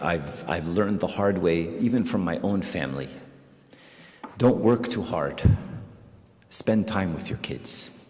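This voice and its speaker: A middle-aged man preaching a sermon as a priest, conversational and animated, repeating phrases for emphasis. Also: sits low. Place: large church sanctuary. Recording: echoey church hall, long reverb.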